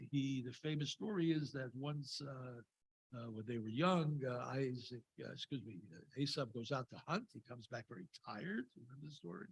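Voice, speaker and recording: In a creaky mid-range voice, a man retells a scripture story during a casual Torah talk at a Shabbat service, meandering with frequent fillers and wry remarks. The low-quality recording has a bit of hiss or hum.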